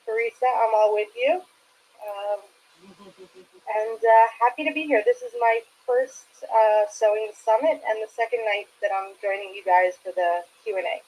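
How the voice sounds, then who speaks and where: Soft-spoken woman with a slightly high voice, introducing herself on a call. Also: normal speed, slight background noise, rough recording. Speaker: sewing educator, panelist. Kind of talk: casual video-call introduction. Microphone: video call.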